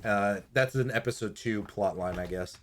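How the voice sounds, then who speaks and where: A young man co-hosts a casual podcast reviewing anime, rambling, swearing, laughing often and acting out scenes in silly voices. He has a lowish voice at a moderate pace, with slight background noise.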